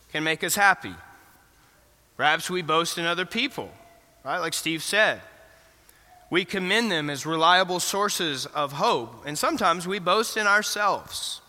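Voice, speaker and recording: High, bright-voiced pastor in a reverberant hall. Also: male voice. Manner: asks the congregation questions and affirms answers. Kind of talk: interactive sermon. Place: church sanctuary.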